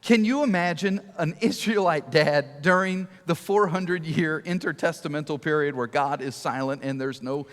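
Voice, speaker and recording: A middle-aged man preaching a sermon to a church, telling stories and asking rhetorical questions, sometimes dropping to a hush for emphasis. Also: a little high, moderate pace, few pauses. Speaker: guest preacher. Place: large church auditorium. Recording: long reverb of a large hall.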